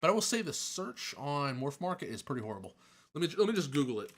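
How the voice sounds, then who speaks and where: A man casually answering chat questions on a live stream, chatty and excitable, joking and laughing often. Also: fairly high pitch, fast talker.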